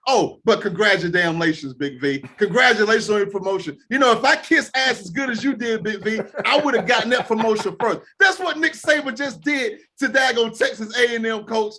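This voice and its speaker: Man, high voice, bright tone, sports podcast co-host, animated, mocks quotes. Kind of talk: casual sports talk. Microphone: remote call.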